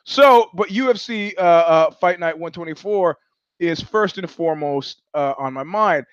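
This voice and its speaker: Casting note: New man, high voice, dry close sound, sardonic profane podcast host. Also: measured pace, clear, resonant tone, no echo, dull audio. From New York. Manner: profane, sardonic, animated storyteller who acts out voices. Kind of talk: casual monologue, storytelling.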